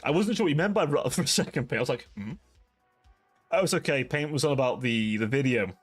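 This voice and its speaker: This young livestream host talks fast in a fairly high voice, chatting loosely with his viewers. He wanders from thought to thought, giggles a lot, and makes fun of himself while faint music plays in the background.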